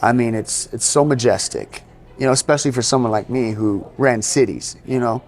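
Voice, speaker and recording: Speaking briskly in a mid-range voice, an East Coast American man guests on an interview podcast to tell the story of his life. The tone is conversational, with frequent "you know"s and quotes he acts out.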